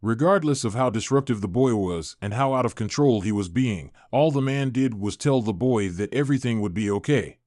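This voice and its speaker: A man narrating a scripted viral story in an even, measured way. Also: medium pitch, no echo, studio quality.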